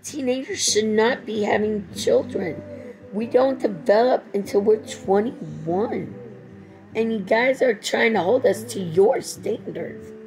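Slow-talking, rambling, profane middle-aged woman. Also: mid-range voice, darkish tone, soft background music, poor audio. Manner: rambling, profane, swings between tender and angry. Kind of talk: rambling personal monologue.

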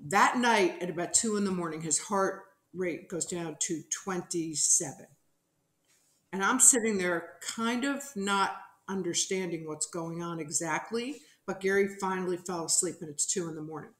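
A middle-aged woman from New Jersey, a podcast guest telling a story in a lively, animated way and acting out the people in it. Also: fairly low pitch, moderate pace. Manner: animated storyteller who acts out quotes. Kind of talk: casual storytelling interview. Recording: roomy echo.

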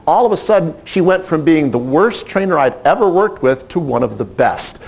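A middle-aged man who directs animal training, telling a story in a lively, animated way and acting out the quotes. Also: sits high, fairly quick, hardly any pauses. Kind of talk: storytelling talk.

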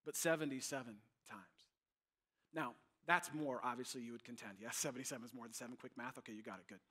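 A man preaching a sermon as pastor, emphatic and animated, repeating his points. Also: medium pitch, racing, breathy edge.

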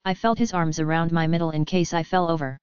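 Smooth-voiced woman narrating a novel. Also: deep voice, little pitch movement, quick pace, no room sound. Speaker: audiobook narrator. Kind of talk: first-person novel narration. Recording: dull lo-fi, dry.

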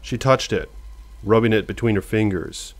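Low-voiced man reading a thriller. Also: normal speed. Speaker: audiobook narrator. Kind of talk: novel reading.

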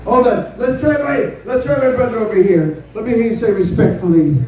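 A man's voice: high voice, a little fast, a little mellow, very echoey, recorded from a distance, dull audio. A man doing a live stand-up impression of a brash, boastful older male politician, rambling and tacking "okay?" onto his lines. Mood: boasting. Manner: rambling, bragging, repeats "okay?".

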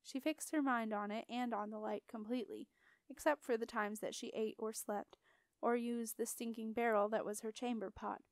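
A woman reads a fantasy chapter aloud with steady expression, her voice fairly high and smooth. The recording is close and completely dry, with no room sound. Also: normal speed, no echo. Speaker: audiobook narrator. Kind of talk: storybook narration.

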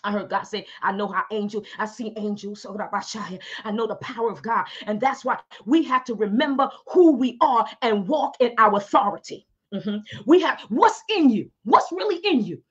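A woman pastor with a high-pitched voice preaches with fervor, exhorting her listeners emphatically. She breaks into hallelujahs and speaks in tongues between her points. She is speaking over a video call. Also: lively intonation, normal speed, few pauses, husky, dull audio. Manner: exclaims hallelujah, bursts into tongues. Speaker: pastor and talk show host. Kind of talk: fervent preaching.

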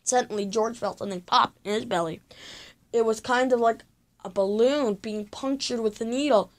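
Female reader for a children's book, slightly high voice, dramatic and expressive. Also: moderate pace. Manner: expressive, dramatic storytelling with sound effects. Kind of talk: reading a children's chapter book aloud.

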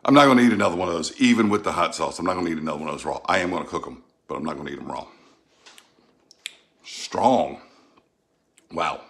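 A deep-voiced middle-aged man from the Gulf South speaks fast but drops in long pauses. With his Southern accent, this cooking vlogger keeps things casual and folksy at home, chatting and thinking out loud while he tastes what he's made.

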